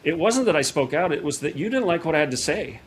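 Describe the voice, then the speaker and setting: A middle-aged man, a podcast guest, telling a personal story in a casual, animated way and acting out quoted dialogue. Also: a little high, quick pace, slight background noise.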